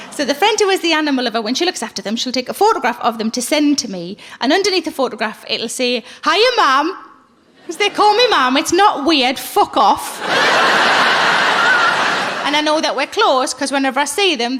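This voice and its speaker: This middle-aged woman's stand-up set sounds like it's in a big room, with a little hiss or hum in the recording. She speaks briskly in a high pitch, swearing and telling blunt, lively stories to a live theater audience.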